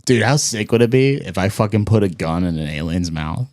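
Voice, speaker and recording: A man with a low voice chatting as a podcast guest. His pitch bounces around a lot, and he keeps cracking up and swearing through crude, casual banter. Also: brisk. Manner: laughs often, swears a lot, animated.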